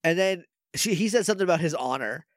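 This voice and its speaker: In a clean, dry studio recording, a man co-hosting a podcast recaps scenes casually, laughing and doing quoted voices. He talks quickly and expressively at a fairly high pitch.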